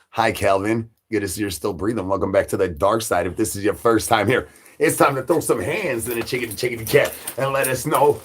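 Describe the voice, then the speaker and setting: A man's voice: lowish voice, a little fast, breathy edge. A man hosting a livestream, rambling in a hungry zombie persona with repetitive sing-song catchphrases and crude jokes. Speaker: livestream host.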